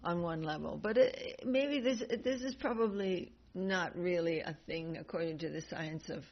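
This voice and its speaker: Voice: mid-range voice, normal speed. Chatty, rambling class storyteller. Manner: rambling, chatty, laughs often, self-correcting. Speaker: class teacher. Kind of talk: casual storytelling in a devotional class. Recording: dull lo-fi class recording with faint noise.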